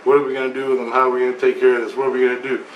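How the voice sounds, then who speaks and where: A man's voice: mid-range voice, completely flat delivery, very fast, recorded from a distance, highs cut off, close to an everyday voice. A man voicing a worried woman in a lab coat. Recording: roomy echo, faint background noise.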